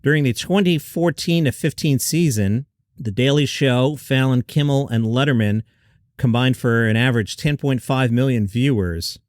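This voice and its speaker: A man's voice: mid-range voice, normal speed, no room sound, studio quality. A man hosting a comedy news show, reading headlines and adding sarcastic, incredulous asides. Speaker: host.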